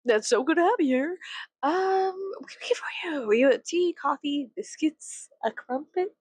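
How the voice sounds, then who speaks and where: A woman's voice: sits high, animated, normal speed, a little mellow, no room sound, pitched above the performer's own voice. A woman putting on the voice of a welcoming tea-shop hostess in a whispered role-play, half-whispered and hospitable.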